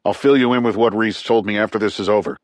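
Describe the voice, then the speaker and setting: A man voicing a brisk male intelligence officer on a phone call, short and questioning. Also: on the low side, fairly even intonation, no room sound, close to an everyday voice. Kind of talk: audiobook character reading.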